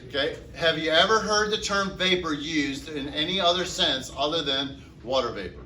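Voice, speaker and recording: Male teacher mid-lecture; bright, forceful tone; asks and answers his own questions; mic far off in an echoey room. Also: a little high, moderate pace. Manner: asks the class questions and answers them himself. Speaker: chemistry teacher. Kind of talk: classroom lecture. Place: classroom.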